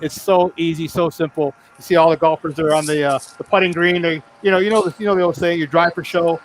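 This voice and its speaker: A man's voice: on the high side, fairly even intonation, fast talker, slight background noise. A man co-hosting a live sports talk show, rambling with many restarts. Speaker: co-host. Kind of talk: live sports radio chat.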